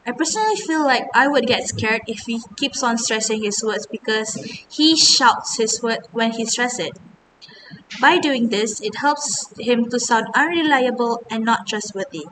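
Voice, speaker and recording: A young woman, earnestly reading out a class presentation as a student. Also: unhurried. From Malaysia. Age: 20s. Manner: earnest, scripted, mostly reading. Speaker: university student. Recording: distant mic with steady rumble.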